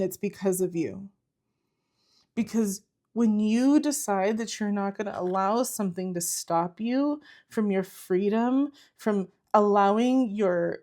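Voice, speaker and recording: Woman, tarot reader, earnest and encouraging, talks straight to the viewer, fills with "like", mid-pitched voice. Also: a little mellow. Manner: earnest, encouraging, repeats herself, frequent "like". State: close to tears at times. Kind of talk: spiritual tarot reading to camera.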